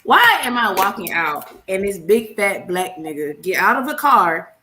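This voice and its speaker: Blunt, exasperated woman with a lively voice. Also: mid-range voice, a little slow. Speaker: chat guest. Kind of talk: casual storytelling in a group chat.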